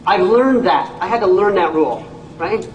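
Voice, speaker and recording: A man, a company CEO, giving an animated training talk to an audience, telling stories and acting out people's reactions with folksy exclamations. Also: high-pitched, normal speed, dull audio, slight background noise. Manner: storytelling, acts out voices, folksy exclamations. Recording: echoey room, speaker far from mic.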